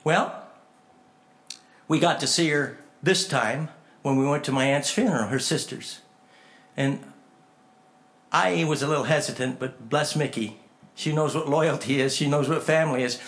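Folksy, animated preacher man. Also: fairly high pitch, normal speed, long pauses. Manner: folksy, animated storyteller acting out dialogue. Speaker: pastor. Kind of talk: storytelling sermon.

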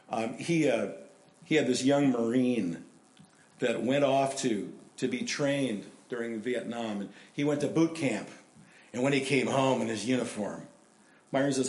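A man preaching a sermon, telling stories and acting out the people in them, sometimes shouting. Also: mid-range voice. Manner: animated storyteller, acts out quotes and shouts for emphasis. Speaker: pastor. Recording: echoey room.

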